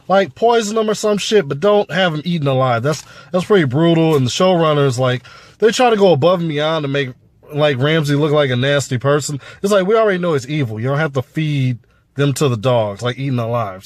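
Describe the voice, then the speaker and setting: A man's voice: a little high, a little fast, no echo. A man giving a casual, profane review of a TV episode, rambling with lots of fillers. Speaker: show reviewer.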